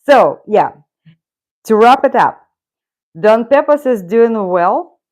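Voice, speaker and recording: A woman's voice: on the high side, animated, takes it slowly, darkish tone. A middle-aged woman from Russia, a native Russian speaker, hosting a casual live stream with rambling, self-correcting talk and frequent chuckles. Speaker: channel host.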